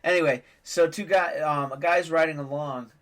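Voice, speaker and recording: A man's voice: a little high, steady tone, moderate pace, a bit bright. A man in his forties hosting a casual family podcast, a rambling joke-telling dad who pokes fun at himself. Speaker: podcast host and father.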